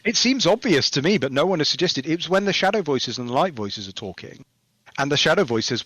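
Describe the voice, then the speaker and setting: A man talking as a game developer guest on a podcast, rambling and hesitant, then animated when telling stories. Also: mid-range voice, fairly quick, dry recording. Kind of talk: casual podcast chat.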